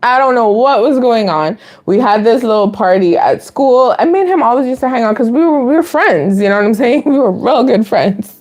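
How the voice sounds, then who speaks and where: A woman in her late thirties hosts a casual live Q&A. Her voice sits high and swings widely as she tells stories to viewers. She is chatty and confiding and often breaks into laughter. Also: moderate pace, few pauses. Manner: animated, laughs often while telling stories. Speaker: vlogger host.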